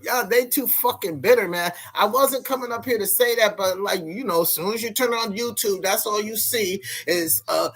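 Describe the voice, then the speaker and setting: A man's voice: high voice, pushed and bright, husky. A young adult man ranting to camera in a vlog, heated and profane, repeating himself as he goes. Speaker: vlogger.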